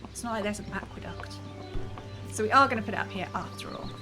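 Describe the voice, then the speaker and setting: This is casual gameplay commentary from a woman streaming a cozy building game, chatty and full of laughs as she muses aloud and talks with viewers. Her voice is mid-range and she talks fast. Game music can be heard behind her.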